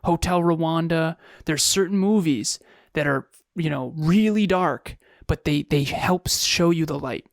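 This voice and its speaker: Podcast guy telling a story, earnest and reflective, bit high-pitched, dry mic. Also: measured pace, few pauses, dry recording. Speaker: podcast co-host. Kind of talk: casual chat.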